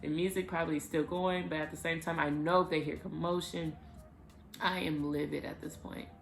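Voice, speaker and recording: A woman vlogger telling a personal story to the camera in a casual, animated way, with emphatic bursts. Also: low voice, a little fast, gravelly.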